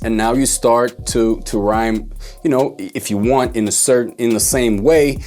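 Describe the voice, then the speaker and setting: A man's voice: medium pitch, normal speed, mellow, soft background music. A man giving a casual lesson on rhyming, thinking aloud and repeating words as he works out rhymes. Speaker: songwriting teacher.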